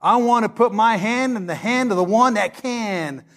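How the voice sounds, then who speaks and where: This high-voiced pastor, whose tone is fairly bright, gives a fervent sermon. He lingers dramatically over the scripture reading before quickening as he teaches and tells stories.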